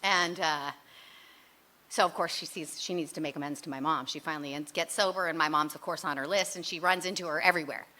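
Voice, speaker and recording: A woman with a bright, forward voice tells her own story to a recovery group. She talks candidly and in a rambling way, pokes fun at her old self, and fills her talk with "you know" and "like". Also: low-pitched, steady tone, a little fast. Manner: frequent fillers like "you know" and "like". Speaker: speaker sharing at a recovery meeting.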